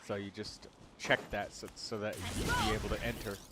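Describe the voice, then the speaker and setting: A man hosting a game livestream in relaxed, rambling casual chat, with many fillers. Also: fairly low pitch, a little fast, heavy background noise. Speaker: livestream host. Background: game music.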